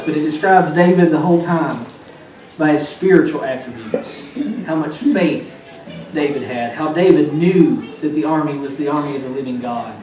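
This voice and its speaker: A man preaching a sermon as a student pastor, telling the story with lively, playful asides. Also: fairly high pitch, slight background noise. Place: church sanctuary. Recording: echoey room from far off.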